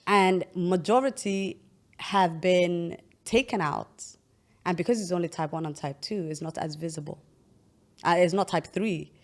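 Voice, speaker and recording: Young woman with a pretty low voice, talks earnestly, lots of restarts, casual chat. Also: unhurried. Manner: earnest, explains at length with many restarts. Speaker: podcast host. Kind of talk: casual interview conversation.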